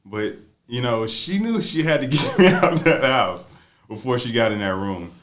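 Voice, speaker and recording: A man's voice: medium pitch, expressive, normal speed, a bit bright. A young man on a podcast casually telling a profane, playful story, laughing as he goes.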